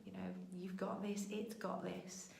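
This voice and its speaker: A woman's voice: mid-range voice, little pitch movement, measured pace, vocal fry, darkish tone, reverberant, slight background noise, low-quality recording. A woman hosting a weekly show, telling a heartfelt motivational story in an earnest way and sometimes getting tearful. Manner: emotional, voice breaking into tears at times; earnest, storytelling with acted-out quotes.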